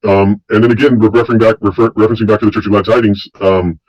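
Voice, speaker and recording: A man's voice: lowish voice, flat delivery, racing, a little mellow, dry recording, lo-fi sound. A man, a guest in a casual conversation, talking earnestly with many fillers.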